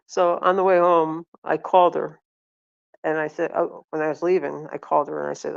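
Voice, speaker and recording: A woman's voice: low-pitched, flat delivery, a little fast, vocal fry, no room sound, dull audio. A middle-aged woman vlogging, telling a rambling story and acting out the quotes, with frequent self-corrections. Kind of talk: casual storytelling.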